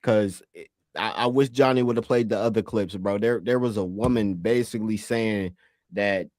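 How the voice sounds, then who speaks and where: Low-voiced emphatic podcast guy. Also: normal speed, a little mellow, no room sound, studio quality. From United States. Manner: profane, emphatic, stumbles and repeats words. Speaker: podcast co-host. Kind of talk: casual podcast chat.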